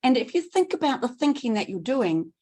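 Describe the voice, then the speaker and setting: A middle-aged woman giving a training talk, enthusiastic and quick, repeating words for emphasis. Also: on the high side, very animated, darkish tone, slightly rough. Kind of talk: presentation talk.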